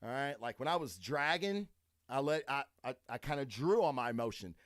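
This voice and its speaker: A man's voice: medium pitch, very animated, a little fast, a bit bright, no echo, studio quality. A man hosting a podcast, telling a story as a casual, profane rant and acting out his own lines as he goes. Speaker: podcast host.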